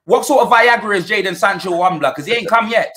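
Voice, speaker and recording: A man's voice: sits high, quick pace, crowd noise. A young man with a London accent, teasing his friend in casual football banter, full of street slang. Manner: teasing, heavy slang, lively. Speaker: co-host, Tottenham fan.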